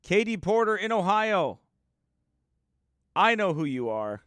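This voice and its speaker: A high-pitched man's voice with big swings in pitch, a measured pace, and a slightly bright tone, recorded clean in a studio with no echo. He's an American pastor chatting and joking with livestream viewers before his sermon, reading their names aloud.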